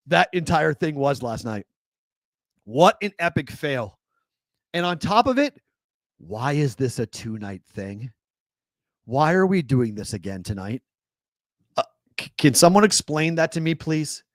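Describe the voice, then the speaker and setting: A man's voice: on the high side, a little slow, no echo, clean studio sound. A man with a Boston accent hosting a live sports talk show, ranting in disbelief and laughing as he talks. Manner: incredulous, animated ranting with laughs. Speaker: host.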